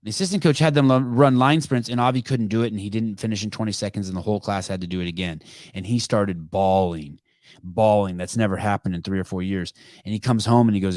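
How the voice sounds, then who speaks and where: A middle-aged podcast host with a fairly low, darkish voice talks fast through a rambling family story full of asides and self-corrections. It's a casual live call-in chat, recorded at studio quality with no room sound.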